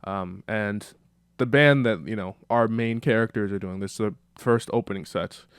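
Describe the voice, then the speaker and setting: A man's voice: on the low side, normal speed, smooth, no room sound, clean studio sound. A man casually talking through a cartoon script in a rambling way, full of fillers. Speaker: show creator reading a script.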